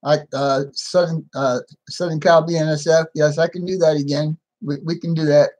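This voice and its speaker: A middle-aged American man runs a casual live stream, welcoming viewers one by one. His voice sits a bit high for a man, and he chuckles often between greetings. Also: steady tone, normal speed, a little mellow, poor audio. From United States. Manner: chatty, laughs often, greets each viewer by name.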